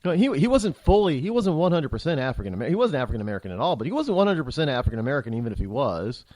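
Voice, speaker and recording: Male talk host, fired-up opinion monologue, high animated voice, dry close sound. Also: very fast, no echo. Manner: heated, opinionated, rambling with frequent restarts. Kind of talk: political commentary monologue.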